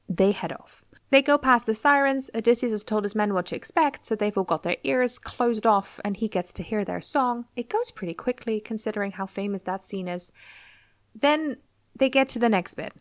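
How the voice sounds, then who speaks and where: A woman's voice: on the high side, normal speed, no room sound. Chatty woman podcast host, dry sound. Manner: lively, slips into playful voices for the characters. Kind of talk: casual storytelling retelling of a book.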